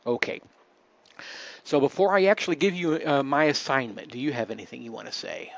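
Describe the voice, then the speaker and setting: Man, webcast host, casual chat, mid-pitched voice, muffled audio. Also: a little fast, vocal fry, dry recording. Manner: relaxed, chatty, many fillers and restarts.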